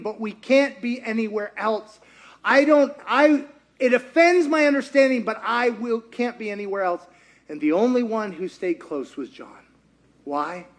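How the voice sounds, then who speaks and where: A man preaching a sermon as dramatic storytelling, dropping to hushed whispers and rising to shouts as he acts out the voices of the people in the story. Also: high voice. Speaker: pastor.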